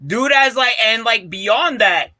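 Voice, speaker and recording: High, bright-voiced guy ranting casually. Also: expressive, a little slow. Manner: loose, profane, enthusiastic storytelling. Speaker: podcast co-host presenting a segment. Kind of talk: casual chat.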